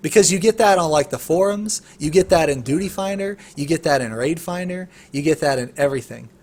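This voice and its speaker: A man's voice: a little high, fairly quick. A young man co-hosting a casual gaming podcast, ranting and telling stories with lots of swearing and big swings of energy. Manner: animated, profane ranting storyteller. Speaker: podcast co-host.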